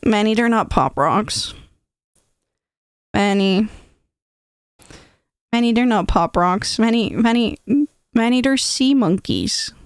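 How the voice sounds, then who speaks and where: A woman's voice: a little high, lively intonation, slow, long pauses, smooth, no room sound, studio quality. A woman voicing an alarmed, insistent older brother scolding his little sister. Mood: urgent. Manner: insistent, repeating name.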